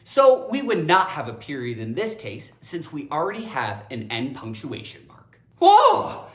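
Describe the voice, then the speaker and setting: A woman with a low voice teaches English grammar in a playful video lesson, at a moderate pace with a roomy sound. She's animated and theatrical, talking straight to her viewers.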